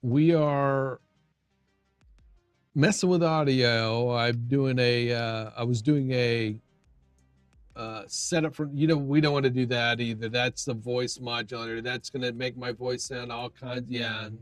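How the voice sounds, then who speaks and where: A man's voice: mid-range voice, fairly even intonation, measured pace, dry recording, faint music behind. A man hosting a casual livestream, chatting loosely with viewers while he tweaks his audio setup, often restarting his sentences. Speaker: livestream host. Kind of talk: casual live-stream chat.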